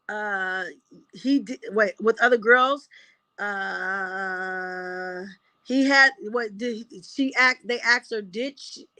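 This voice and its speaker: A woman's voice: on the high side, sharp tone, no room sound. Chatty woman recapping notes, dry sound. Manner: reads notes aloud, restarts often, chatty asides. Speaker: commentator recapping courtroom testimony. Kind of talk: casual live recap.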